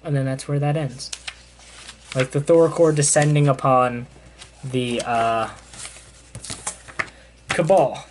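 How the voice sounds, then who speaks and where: A man's voice: mid-range voice, steady tone, slow, long pauses, a little hiss or hum. A young man casually recapping a comic in a loose, rambling way with lots of fillers. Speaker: comic book reviewer. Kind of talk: casual chat.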